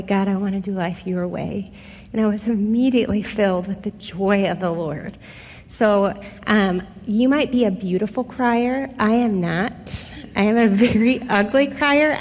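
Middle-aged woman telling her story, hall echo. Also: a little high. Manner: conversational, expressive, addresses listeners directly. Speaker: speaker giving a personal testimony. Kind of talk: casual storytelling testimony. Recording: long hall reverb.

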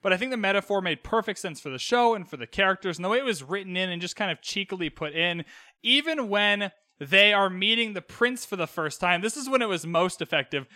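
A young Canadian man recaps a show on his solo podcast, chatty and cheeky with quick quoted asides. His high-pitched voice has lively intonation and a bright, forceful tone, with no echo.

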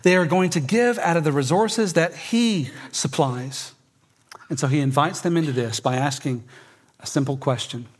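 A man preaching a sermon, emphatic, swinging between loud and soft and often repeating words. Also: on the high side, normal speed. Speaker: pastor.

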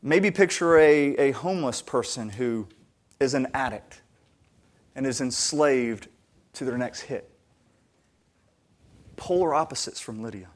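A man preaching a sermon, earnest and conversational, often restarting his sentences and building to emphatic, louder peaks. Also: medium pitch, animated, unhurried, long pauses. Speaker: pastor.

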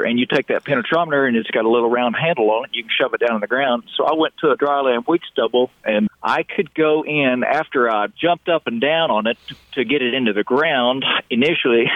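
A man's voice: medium pitch, no room sound. A plain-spoken male farmer explains things casually in an interview clip. The sound is thin and phone-like, and completely dry with no room around it.

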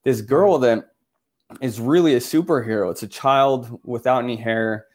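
A man's voice: mid-range voice, normal speed, a little mellow. A man from Utah, a photographer guest in an interview, telling his story earnestly with many restarts and filler words.

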